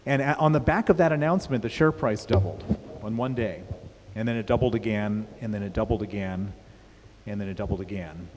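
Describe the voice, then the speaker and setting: A man's voice: on the low side, fairly quick, a little mellow. A middle-aged man speaking as an author at a festival, telling his story plainly and often repeating and restarting words. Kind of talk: onstage interview storytelling. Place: large hall with an audience. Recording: hall reverb with faint hiss.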